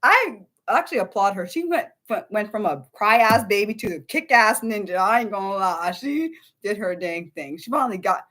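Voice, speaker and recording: A woman in her thirties hosting a casual, unscripted livestream, talking in an animated rambling way with frequent swearing and restarts. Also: moderate pace. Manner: jumps high in pitch for quoted outbursts. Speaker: livestream host.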